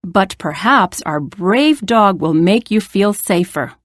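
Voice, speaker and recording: A woman voicing a gentle mother and father in a storybook read-aloud, calm and reassuring. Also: mid-range voice, takes it slowly, no echo, clean studio sound. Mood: soothing. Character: gentle soothing storybook parents.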